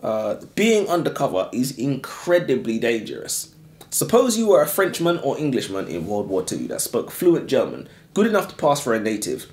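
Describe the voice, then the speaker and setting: A young man co-hosting a casual book discussion, animated and slangy, laughing often. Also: mid-range voice, moderate pace, echoey room. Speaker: book podcast co-host.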